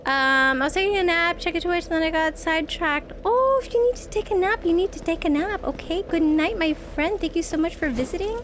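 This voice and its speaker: A high-pitched woman streams a game live, chatting with her viewers and swearing at what happens on screen. Steady background noise sits behind her voice. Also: fairly quick, few pauses. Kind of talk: casual live gameplay chat.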